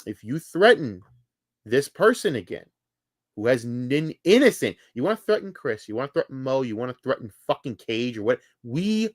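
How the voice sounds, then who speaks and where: A man's voice: medium pitch, very animated, normal speed, no room sound, clean studio sound. A man livestreaming, delivering a heated, profane, taunting rant at a rival.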